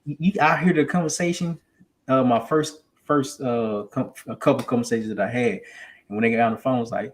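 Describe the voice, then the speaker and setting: A man in his twenties with a Southern accent, a real estate salesman chatting casually and telling an animated story, often repeating words as he gets going. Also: medium pitch, brisk. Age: 20s. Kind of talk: casual conversation.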